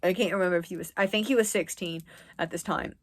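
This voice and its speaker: A woman's voice: on the low side, steady tone, quick pace. Chatty young woman telling a story. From US East Coast. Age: 20s. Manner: chatty, rambling with frequent "like". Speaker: vlogger. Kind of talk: casual story time.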